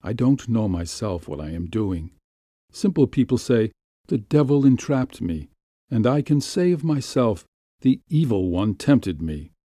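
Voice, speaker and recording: A man's voice: medium pitch, sing-song, a little slow, warm tone, no room sound, clean studio sound. A man reading as a tearful, remorseful young wife. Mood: pleading. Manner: anguished, self-reproaching confession.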